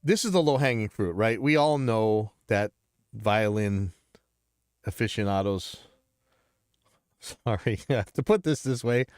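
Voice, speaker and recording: Stuffy male host, low voice, blunt rambling commentary, dry close sound. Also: darkish tone, clear, resonant tone, no echo. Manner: blunt, rambling, many restarts. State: stuffy nose, clearing throat. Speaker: livestream host. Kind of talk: casual livestream commentary.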